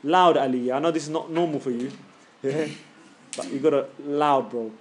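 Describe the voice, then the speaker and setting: A man teaching a tajweed class in a casual, joking way, stretching out sounds slowly and loudly to demonstrate them. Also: a little high, fairly even intonation, a little hiss or hum.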